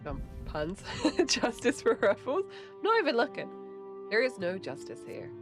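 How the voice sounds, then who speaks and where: A woman's voice: on the high side, wildly swooping pitch, normal speed, over music. Giggly woman streaming a game. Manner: chatty, giggly, swearing. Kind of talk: casual livestream chat while gaming.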